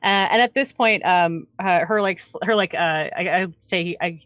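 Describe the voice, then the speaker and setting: A woman runs a tabletop game, narrating in a chatty way full of fillers. Her voice sits on the low side. The recording is dry and close. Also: normal speed, dry recording, phone-quality sound. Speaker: game master.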